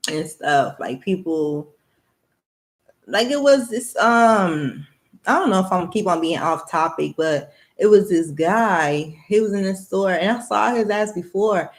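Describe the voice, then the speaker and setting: A young woman speaks candidly to her audience in a loose, rambling monologue. She is blunt and swears often, circling back on her own thoughts. Her voice sits at an ordinary middle pitch. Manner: blunt, rambling, heavy profanity. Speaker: vlogger.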